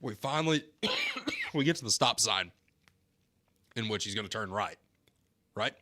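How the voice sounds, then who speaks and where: A man's voice: fairly low pitch, expressive, measured pace, sharp tone. A man, hosting a sports talk radio show and telling stories in a chatty way, laughing easily. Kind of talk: casual radio chat. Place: radio studio.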